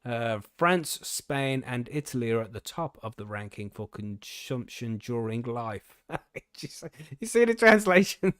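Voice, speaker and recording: Laid-back male co-host, mid pitch, dry close sound, casual swearing. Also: sing-song, unhurried, few pauses, a bit bright, no echo. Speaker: podcast co-host. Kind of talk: casual chat, reading news aloud.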